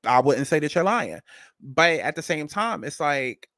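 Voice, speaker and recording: A man hosts a celebrity gossip and astrology commentary, bluntly and emphatically repeating his points and cussing. His voice is a little high, gravelly, and a bit bright, animated yet measured in pace, recorded in a clean studio with no echo.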